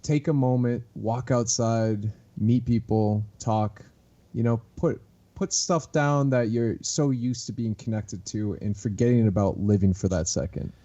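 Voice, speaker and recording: A man's voice: medium pitch, unhurried, dark tone, muffled recording. A man hosting a podcast, talking with enthusiasm and laughing often. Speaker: podcast host. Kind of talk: casual podcast chat.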